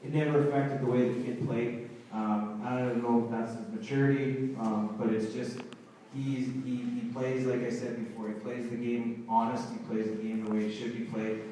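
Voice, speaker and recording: A man's voice: medium pitch, flat delivery, normal speed, warm tone. A man who is a hockey head coach, giving an unscripted awards banquet speech, rambling with fillers and restarts. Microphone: recorded from far off in the room. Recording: very echoey hall, distant mic, faint room noise.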